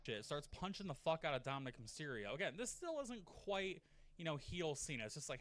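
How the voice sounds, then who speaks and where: A man narrating in a casual, profane, animated way, often slipping into mock quotes. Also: mid-range voice, brisk. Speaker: narrator of a wrestling rebooking video. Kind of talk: casual scripted commentary.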